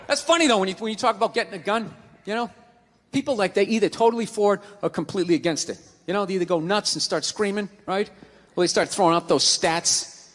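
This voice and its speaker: High, bright ranting comedian. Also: male voice, fast. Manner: ranting, profane, exasperated. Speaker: stand-up comedian. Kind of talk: stand-up comedy routine. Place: comedy venue stage. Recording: stage mic with long hall reverb, faint room noise.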